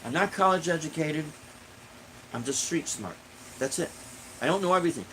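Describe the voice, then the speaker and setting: Middle-aged man, blunt and indignant street musician venting, slightly high voice, faint background noise. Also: expressive, moderate pace, fairly bright tone, poor audio. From Illinois. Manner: blunt, indignant, repeats himself for emphasis. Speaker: busking musician, vlogger. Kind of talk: casual ranting monologue.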